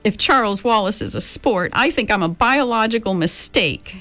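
A woman's voice: mid-range voice, expressive, normal speed, bright, forceful tone, soft background music, pitched above the performer's own voice. A woman reading a story aloud, voicing an unhappy teenage girl who talks in a trembling voice choked with tears. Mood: rueful. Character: unhappy awkward teenage girl, tearful and self-critical.

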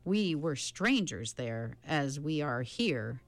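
A woman voicing a steady, solemn older father in a storybook, speaking slowly and distinctly. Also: low voice, no echo, exaggerated voice. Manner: slow and distinct.

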